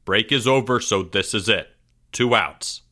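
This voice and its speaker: A calm male teacher addresses his class in a read-aloud storybook, as a man puts him on. He sounds firm and in charge. The tone is bright and clear. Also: fairly low pitch, a little slow. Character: male teacher coaching kickball, firm and steady.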